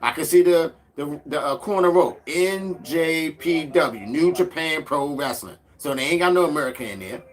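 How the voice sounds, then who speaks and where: A man's voice: a little high, moderate pace, few pauses. A man co-hosting a casual reaction chat, talking loosely with jokes and lots of fillers. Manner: animated, loose and joking, many fillers. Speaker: co-host.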